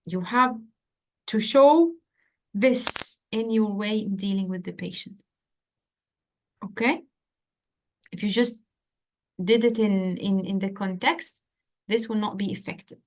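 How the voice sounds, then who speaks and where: A woman's voice: mid-range voice, steady tone, unhurried, long pauses. A woman tutor giving direct, coaching feedback in an online session, often checking in with "okay?", heard over a video call. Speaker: medical exam tutor.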